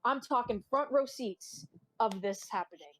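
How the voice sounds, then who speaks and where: A woman's voice: on the high side, moderate pace, fairly bright tone, slight background noise. A woman narrating a tabletop game as game master, in a chatty, casual way.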